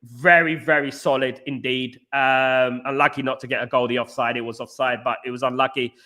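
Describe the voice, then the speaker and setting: A man's voice: medium pitch, fairly even intonation, fairly quick, bright, forceful tone. A man hosting a casual live stream, rambling and talking straight to his chat viewers. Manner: chatty, rambling, addresses chat viewers directly. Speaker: livestream host.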